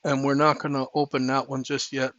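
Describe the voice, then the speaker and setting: A man hosting his own channel, lecturing viewers in a preachy, insistent way that turns loud and heated. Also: medium pitch, monotone, a little fast, no room sound, lo-fi sound. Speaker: host. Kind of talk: impassioned legal lecture to viewers.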